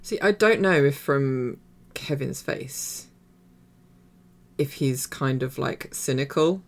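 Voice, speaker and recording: A woman's voice: extremely low pitch, takes it slowly. A woman hosting a reaction video, chatting casually and rambling with many fillers and restarts. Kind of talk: casual commentary.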